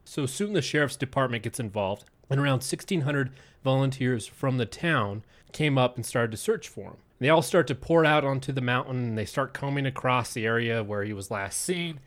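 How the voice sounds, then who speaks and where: A man's voice: mid-range voice, moderate pace. A man from Utah hosting a podcast, casually narrating a story. He swears freely and builds suspense. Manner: relaxed, profane, building suspense. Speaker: podcast host.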